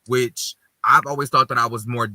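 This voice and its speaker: A man's voice: medium pitch, fairly even intonation, normal speed, bright, forceful tone, no room sound. A man co-hosting a podcast in casual group chat, talking earnestly and rambling with many filler "likes". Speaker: podcast co-host.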